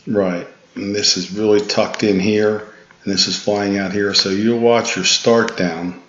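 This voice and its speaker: A man's voice: fairly low pitch, steady tone, measured pace, fairly bright tone, slight background noise. A man working as a golf instructor, patiently talking a student through a swing analysis in a tired, easygoing way with frequent restarts. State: tired, yawning. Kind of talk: swing analysis voice-over lesson. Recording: echoey, dull lo-fi sound.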